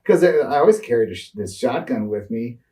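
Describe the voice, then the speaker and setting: A man's voice: medium pitch, expressive, a little fast, mellow, recorded from a distance, poor audio. A man in his sixties, a retired wrestler, rambling through road stories in a shoot interview with lots of fillers and restarts.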